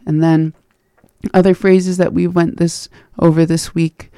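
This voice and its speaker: A gravelly-voiced host teaches phrases at an unhurried pace, saying each one in parts before giving its meaning. The sound is close and dry, with no room around it. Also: mid-range voice, little pitch movement, warm tone, no room sound. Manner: repeats phrases slowly and breaks them into parts, then gives the meaning. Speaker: language lesson host. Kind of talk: teaching phrases by slow repetition.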